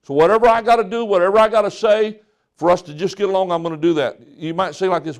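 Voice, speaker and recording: A man's voice: high-pitched, steady tone, fast talker. A pastor preaching a conversational sermon to his congregation, acting out little exchanges between couples. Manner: conversational preaching with acted-out quotes.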